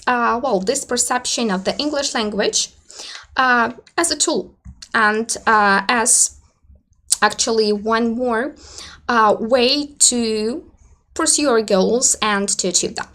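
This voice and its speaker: A woman's voice: a little high, lively intonation, takes it slowly, a bit bright. A woman presenting to teachers at an online conference, speaking with frequent fillers and hedges. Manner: hesitant, many fillers and hedges.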